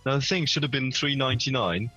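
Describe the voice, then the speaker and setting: A man's voice: fast, lo-fi sound, faint music behind. A young man co-hosting a casual podcast, telling funny stories and acting out the people in them. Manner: animated storyteller, jumps high when acting out quotes. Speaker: podcast co-host. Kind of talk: casual chat.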